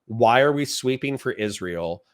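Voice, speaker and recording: A male streamer talks to his live chat in a loose, conversational way and breaks into loud, exasperated groans now and then. His voice sits at an ordinary middle pitch. The sound is dry and close, with no room echo. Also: lively intonation, a little slow. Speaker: streamer reacting to a clip. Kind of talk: casual live-stream commentary.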